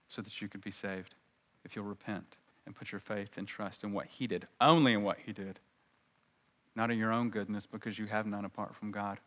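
A man preaching a sermon, dropping to a hushed low voice and then rising loud and high for emphasis.

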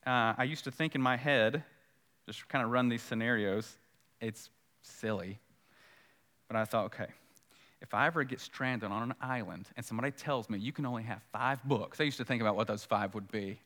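A man's voice: medium pitch, normal speed, a bit bright, big-room sound. A man preaching a sermon in a conversational way, repeating key points for emphasis and acting out the dialogue of scripture. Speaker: pastor.

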